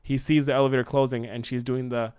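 Fast, animated man pitching a story. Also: smooth, dry recording, studio quality. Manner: animated, rambling storytelling with many fillers. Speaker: podcast co-host. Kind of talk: casual brainstorming chat.

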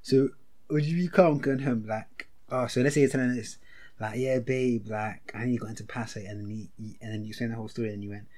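A man's voice: medium pitch, fairly even intonation, a little mellow. A young man, co-hosting a podcast in casual, teasing chat over a video call. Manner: teasing, quick, breaks into laughter. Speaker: podcast co-host.

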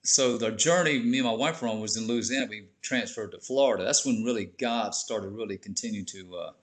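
A man's voice: fairly low pitch, brisk. A man, a bishop, telling his faith story on a podcast in an earnest, heartfelt way, often saying "man". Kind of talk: emotional testimony in casual chat.

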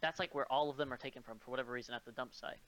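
A man's voice: medium pitch, steady tone, rapid-fire, a bit bright, dull audio. A young man co-hosting a podcast, rambling and irreverent in casual chat, swearing freely. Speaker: podcast co-host.

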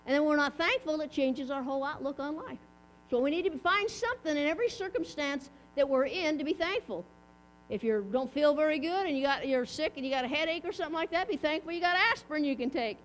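A woman's voice: sits high, fast. A middle-aged woman giving a chatty, folksy sermon, asking her listeners questions. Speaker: preacher. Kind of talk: casual sermon. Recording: mains hum underneath.

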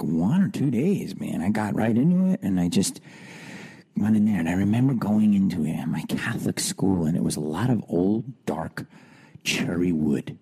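A man in his thirties hosts a podcast and tells stories from his own life in a loose, profane way. His voice sits low and mellow with a husky edge. It swings far upward whenever he fires off rhetorical questions. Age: 30s. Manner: animated, swears freely, rises high on rhetorical questions. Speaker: podcast host. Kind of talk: personal storytelling monologue.

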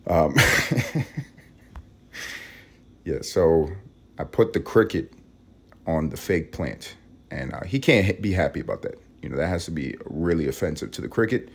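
A man from Harlem with a vocal-fry voice, rambling casually and profanely in a room at home early in the morning. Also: very animated, measured pace, pauses often. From Harlem, New York. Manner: rambling, profane, low-key. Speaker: podcast host.

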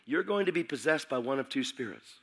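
A middle-aged man preaching a sermon, excitable and building in intensity as he goes. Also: mid-range voice, brisk.

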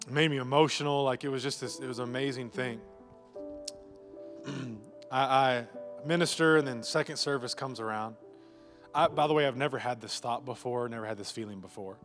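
A man's voice: mid-range voice, a little fast, long pauses, fairly bright tone, faint music behind. Joking male pastor preaching live. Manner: joking, asks rhetorical questions to the congregation. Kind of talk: live sermon. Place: church sanctuary before a congregation.

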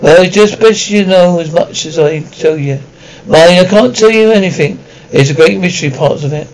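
A man doing a gruff rambling giant groundskeeper. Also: high-pitched, darkish tone, poor audio. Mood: earnest. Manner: rambling, folksy, halting with restarts. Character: huge gruff kindly male giant groundskeeper. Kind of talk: audiobook character reading.

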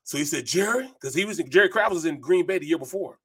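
A middle-aged man, a former football lineman co-hosting a sports talk show, telling animated, rambling stories full of fillers. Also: fairly high pitch, very fast, slightly rough.

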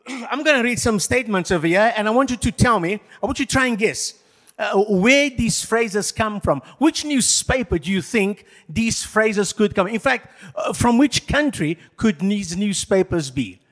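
A male pastor preaching a sermon in an animated, jokey way, addressing the congregation. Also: sits high, long reverb tail.

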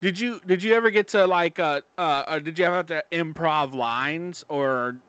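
A man's voice: fairly high pitch, moderate pace, fairly bright tone, smooth, no room sound, dull audio. A man co-hosting a podcast, casual, laughing often and hesitating with fillers. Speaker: podcast co-host.

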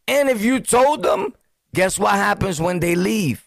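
A podcast host from Brooklyn, New York, tells a casual story in a Brooklyn accent, laughing and tossing in sound effects and street slang. His voice sits high, animated but a little slow and creaky, on a dry, clean studio recording.

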